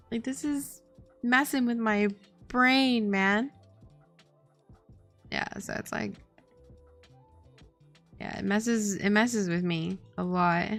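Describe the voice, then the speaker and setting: Unhurried gravelly-voiced woman chatting casually. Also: on the high side, sing-song, fairly bright tone, soft background music. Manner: chatty and rambling, full of "like" and giggles. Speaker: indie game developer streaming her work. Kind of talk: casual chat while working on a game.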